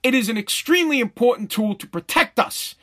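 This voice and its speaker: A middle-aged man with a very high voice hosts a podcast, talking a little fast. He tells stories in a loose, profane monologue, animated and swearing freely while laughing often.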